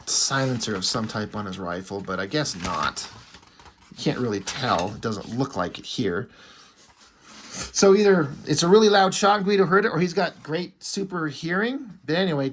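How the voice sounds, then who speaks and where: A man's voice: fairly high pitch, fairly bright tone. A man reviewing a comic book in casual commentary, irreverent and wry, with frequent swearing.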